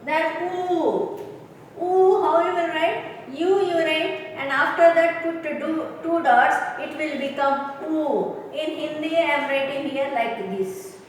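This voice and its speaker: A woman teaching pronunciation in a slow, repetitive classroom lecture, often checking if students understand. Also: sits high, a little hiss or hum. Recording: echoey classroom, voice from far off, faint ambience.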